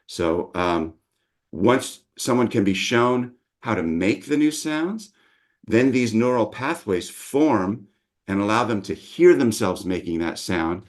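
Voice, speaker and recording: Middle-aged man, dialect coach, measured teacherly interview answers, lowish voice. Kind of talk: explanatory interview talk.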